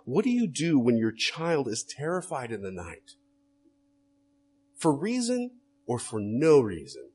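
Husky-voiced man preaching a sermon. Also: mid-range voice, wildly swooping pitch, measured pace, dark tone. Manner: earnest preaching with rhetorical questions. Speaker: pastor.

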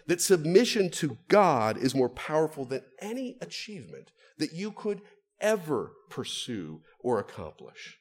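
Animated, emphatic male preacher. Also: fairly high pitch, measured pace, breathy edge. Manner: emphatic, swings between quiet asides and raised, stressed phrases. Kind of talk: sermon.

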